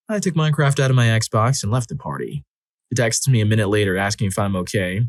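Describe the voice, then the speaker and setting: A man's voice: fairly low pitch, no room sound, clean studio sound. A man reading out relationship stories as a narrator, lifting his voice for the quoted lines. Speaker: story narrator. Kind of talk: scripted narration of reader-submitted stories.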